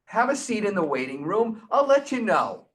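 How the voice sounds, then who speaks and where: A man's voice: high voice, big pitch swings, moderate pace, a bit bright, pitched above the performer's own voice. A man voicing God as a patient, matter-of-fact male figure in a retold story. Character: calm, unhurried God, male.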